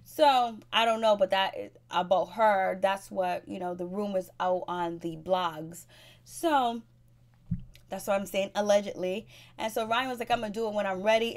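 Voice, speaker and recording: A woman recapping a reality TV episode in a chatty, gossipy way, with blunt advice to viewers. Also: mid-range voice. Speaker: TV show recap host. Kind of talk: casual recap commentary.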